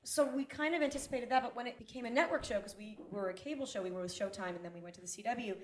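A woman's voice: on the high side, very fast, slight background noise. A woman guest on a live comedy podcast, telling jokey stories and acting out voices, on a stage mic. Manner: animated, joking storytelling with acted-out voices. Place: stage before a live audience.

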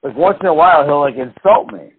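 A man's voice: fairly high pitch, quick pace, slightly rough. A man co-hosting a casual podcast chat, telling stories with lots of swearing and acting out what others said. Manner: animated storyteller, swears a lot, acts out quotes. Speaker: podcast co-host. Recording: tinny phone-like sound with faint hiss.

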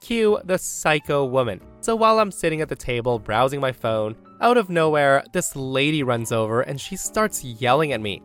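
A man's voice: mid-range voice, big pitch swings, normal speed, hardly any pauses, a bit bright, faint music behind. A man reading online stories aloud in a casual way, talking straight to his listeners. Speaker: story narrator.

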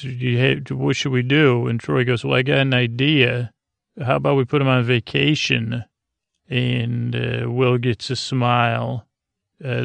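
Gravelly man rambling through a recap. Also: medium pitch, no room sound. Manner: rambling, meandering retelling. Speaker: podcast host. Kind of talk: sleepy episode recap for bedtime listening.

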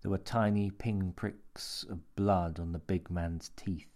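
Brief: male narrator for a dark audio tale, low-pitched, measured delivery. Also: steady tone. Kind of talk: scripted horror narration.

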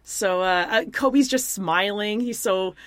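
A woman's voice: mid-range voice, slow, dry recording. A woman co-hosting a casual reality show recap, blunt and snarky, mocking the people she talks about. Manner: snarky, blunt, acts out quotes in mocking voices. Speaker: podcast co-host.

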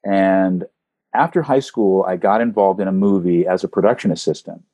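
A man, a voice actor, talking casually in an interview, telling animated stories and swooping up in pitch for emphasis. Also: normal speed, no room sound. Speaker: voice actor guest.

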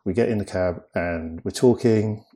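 A man with a fairly low voice chats as a guest on a casual interview podcast. He tells stories with lively energy, slipping into the voices of people in them. His pitch sits at the lower side for men. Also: normal speed. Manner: animated, laughing storyteller who acts out quoted dialogue. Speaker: guest comedian.

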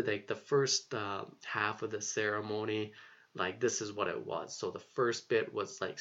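A man's voice: lowish voice, creaky, pushed and bright. A young man telling a personal story in a rambling, casual way, full of fillers and casual swearing. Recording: dull lo-fi recording.

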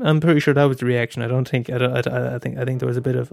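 A man's voice: mid-range voice, little pitch movement, very fast, creaky, hardly any pauses, darkish tone, no echo, clean studio sound. A young Irish man hosting a casual solo podcast, talking candidly with frequent swearing and stammered restarts. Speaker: podcast host.

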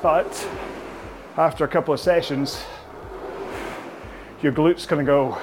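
A man's voice: a little high, slow pace, pauses often, noisy background. A Scottish man coaching rowing technique, patient and explaining while he demonstrates on a rowing machine. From Scotland. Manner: patient, explaining, checks in with "okay?". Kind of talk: instructional workout video. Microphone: on a rowing machine, talking while demonstrating.

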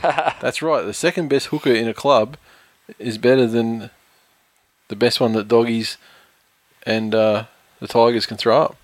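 A man co-hosting a casual sports podcast, rambling and chatty, reading listener reviews aloud slowly. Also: medium pitch, fairly even intonation, dry recording. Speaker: podcast co-host.

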